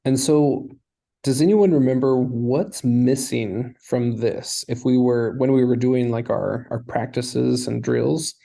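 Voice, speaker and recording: Man teacher, slow, gravelly, dark mellow voice, patient explanations. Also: medium pitch, low-quality recording. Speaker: language teacher. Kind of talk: online Hebrew lesson.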